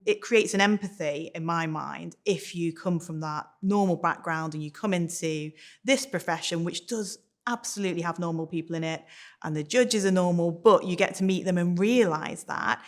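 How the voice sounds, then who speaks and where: A woman's voice: on the low side, moderate pace. A woman barrister explaining her view thoughtfully in a documentary interview.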